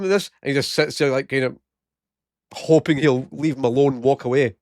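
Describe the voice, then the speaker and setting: A man's voice: mid-range voice, steady tone, brisk. A Scottish man in his late thirties tells stories from work and shopping in a loose, casual way. He laughs a lot and slips into voices for the people he quotes. The sound is close and dry, with almost no room echo. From Scotland. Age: 30s. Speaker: vlogger. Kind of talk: casual storytelling.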